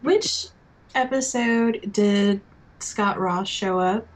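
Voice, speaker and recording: A woman's voice: mid-range voice, very slow. A woman co-hosting a casual TV recap chat, teasing with dry asides and laughing. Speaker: podcast co-host.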